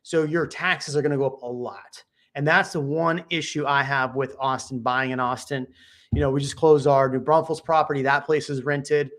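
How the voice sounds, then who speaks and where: A man's voice: medium pitch, steady tone, normal speed, a bit bright. Easygoing joking male real estate host. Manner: laid-back, joking, thinks aloud with frequent restarts. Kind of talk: casual chat giving real estate advice.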